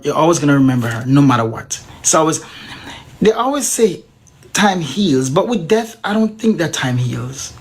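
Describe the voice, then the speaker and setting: An interviewer hosting a live-streamed interview, asking gentle, sympathetic questions with many restarts. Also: mid-range voice.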